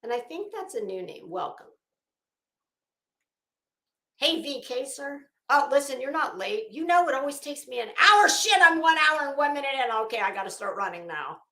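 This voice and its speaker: A chatty middle-aged woman with a Florida Southern accent hosts a casual livestream, greeting each viewer by name and cursing now and then. Her voice sits a little high for a woman. The sound has the echo of a roomy space. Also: sing-song, fairly quick, few pauses, pushed and bright. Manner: chatty, frank, swears freely, greets chat by name. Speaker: livestream host.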